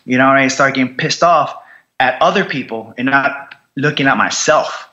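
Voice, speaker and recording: Brief: male guest, cursing and emphatic, forceful bright tone, dull lo-fi audio. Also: mid-range voice, normal speed. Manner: raw, profane, emphatic. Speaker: podcast guest, combat veteran. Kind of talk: candid interview storytelling.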